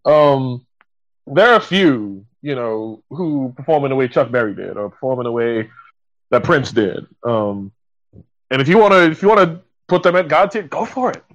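A man co-hosting a podcast, talking in a measured, reasonable way with fillers like um and you know. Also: medium pitch, lively intonation, fairly bright tone, dull audio. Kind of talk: casual chat.

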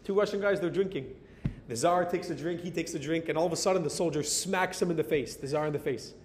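An American man telling a story in a sermon as a Torah teacher, animated and dropping in Hebrew and Yiddish words. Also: quick pace. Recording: reverberant hall with faint rumble.

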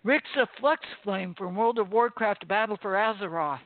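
A woman's voice: mid-range voice, normal speed, dry recording. A chatty woman co-host chimes in and corrects others on a casual podcast. Her voice sits close and dry. The sound is tinny, like a phone line.

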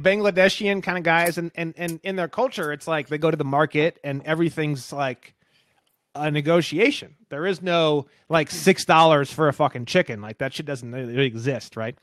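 A man hosting a podcast in casual chat, telling stories excitedly and swearing freely. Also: fairly high pitch, normal speed, dry recording. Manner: swears a lot, excitable storytelling, does impressions. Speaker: podcast host.

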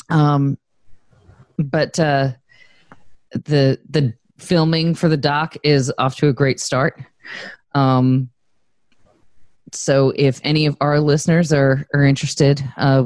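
A woman's voice: very deep voice, a little mellow, no room sound. Chatty woman podcast co-host, dry sound. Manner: chatty, rambling, promotional. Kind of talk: casual chat.

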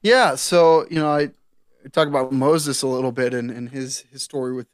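A man's voice: mid-range voice, normal speed, no echo, clean studio sound. A man co-hosting a casual faith podcast, reading scripture aloud and retelling it with laughs and slang. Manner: animated, laughing, plays up the story with modern slang. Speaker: podcast co-host.

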